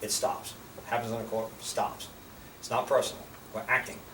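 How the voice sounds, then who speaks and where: An older American man tells blunt, profane stories to a small group, sharing life lessons in a casual, animated style and acting out the voices he quotes. His voice is medium-pitched at normal speed, and the recording is roomy and distant with noticeable background noise.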